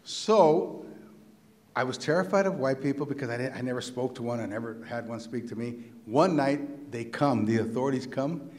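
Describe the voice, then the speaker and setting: A man from New Mexico whose first language is Spanish, a visiting writer telling a personal story to a live audience in an animated, humorous way, acting out the voices he quotes. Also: mid-range voice, moderate pace. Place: university lecture hall. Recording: echoey hall.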